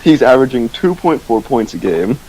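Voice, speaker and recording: A young man as a podcast guest, talking in a halting, casual way with restarts. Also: mid-range voice, big pitch swings, background noise. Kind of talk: casual chat.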